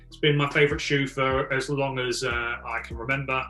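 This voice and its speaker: A man from England chatting as a guest about golf shoes, relaxed and enthusiastic. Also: medium pitch, a little fast, faint music behind. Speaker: guest golf fashion reviewer. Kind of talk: casual chat. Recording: echoey room.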